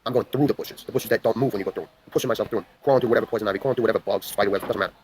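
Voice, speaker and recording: A man's voice: on the low side, rapid-fire, darkish tone, a little hiss or hum, low-quality recording. A young man from the New York area tells a long story on a livestream. He talks in a rambling, intense way and swears a lot. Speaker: livestream host.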